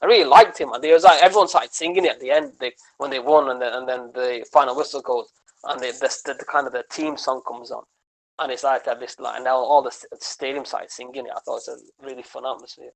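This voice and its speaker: A man, a comedian guesting on a podcast, telling animated, rambling stories in casual chat and tagging his lines with "man" and "right?". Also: mid-range voice, quick pace, creaky, low-quality recording. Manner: animated storytelling, rambling with many restarts.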